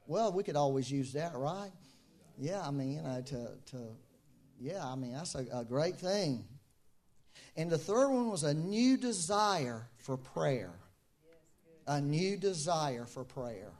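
A man with a notably high speaking voice delivers a sermon in a loose, conversational way. He circles back to his main phrases and says them again for emphasis, with plenty of casual fillers along the way. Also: very animated, measured pace, a little mellow. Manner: informal, repeats key phrases, many fillers. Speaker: preacher.

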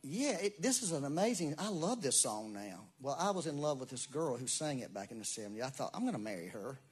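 A man, preaching a sermon in a folksy, animated way with asides and laughs. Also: on the high side, a little fast, slightly rough. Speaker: pastor.

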